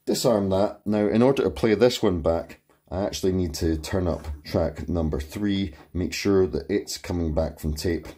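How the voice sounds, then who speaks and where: A man's voice: low voice, moderate pace, warm tone. A man hosting a tutorial and methodically explaining each control step by step in his home studio. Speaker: tutorial host.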